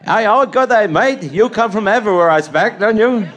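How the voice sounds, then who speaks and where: A man's voice: high-pitched, animated, a little fast, fairly bright tone. A man with a Cornish accent telling bawdy, rambling stand-up stories and chuckling at his own jokes. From Cornwall. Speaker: stand-up comedian. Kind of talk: live stand-up storytelling.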